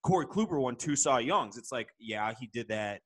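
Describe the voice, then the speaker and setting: A man on a podcast holds forth at length in an ordinary mid-range voice, opinionated and profane. He talks in a steady, casual way. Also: mid-range voice, moderate pace. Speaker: podcast co-host.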